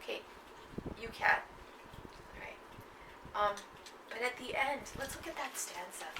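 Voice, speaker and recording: A woman's voice: on the high side, lively intonation, unhurried, sharp tone. A woman from Texas teaching a poetry class in a conversational way, often checking in with "okay?" and "right?". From Texas, USA. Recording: echoey room, distant mic, noisy.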